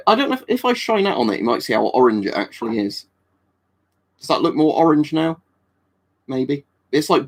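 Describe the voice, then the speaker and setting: An English man hosting a live stream, chatting casually and answering viewer comments in a rambling, offhand way. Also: medium pitch. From England. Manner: rambling and offhand, with many fillers and restarts. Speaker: livestream host.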